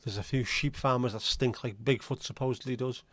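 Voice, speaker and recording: A man's voice: medium pitch, steady tone, brisk, a bit bright, no room sound. Chatty man hosting a livestream. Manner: rambling, chatty, answers chat comments aloud. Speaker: livestream host reading viewer chat. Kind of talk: casual chat.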